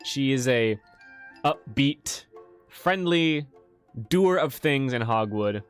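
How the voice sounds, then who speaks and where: A man hosting a relaxed livestream, chatting casually as a game master about his campaign, with a self-deprecating, joking manner. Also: mid-range voice, takes it slowly, clean tone, faint music behind. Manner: relaxed and chatty, laughs at himself. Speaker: game master and channel host.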